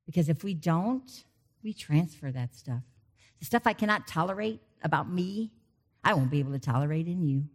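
A middle-aged woman giving a conversational sermon, breaking off into animated asides and personal stories before returning to the text. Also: sits low, moderate pace. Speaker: preacher.

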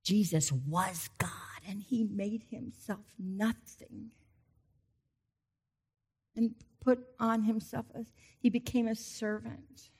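A woman preaching a sermon, emotional, swinging from loud exhortation to soft, intimate passages. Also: medium pitch, fairly even intonation, slow, slightly rough.

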